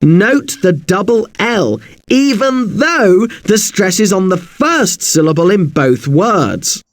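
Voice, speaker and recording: A male teacher takes the listener through spelling rules in a scripted lesson, politely apologizing for the exceptions. His voice sits high and swings widely in pitch. The sound is dry and close. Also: very animated, slow, no room sound.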